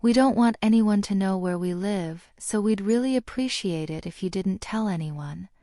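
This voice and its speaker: A woman voicing a calm, sensible young boy wizard in an audiobook, matter-of-fact in manner. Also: mid-range voice, moderate pace, no room sound, studio quality, close to an everyday voice. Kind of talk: audiobook character reading.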